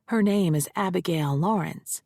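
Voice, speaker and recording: A quiet, helpful female office assistant, voiced by a woman narrator in an audiobook. She speaks plainly and matter-of-factly, her low voice slightly gravelly. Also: normal speed, no echo, clean studio sound.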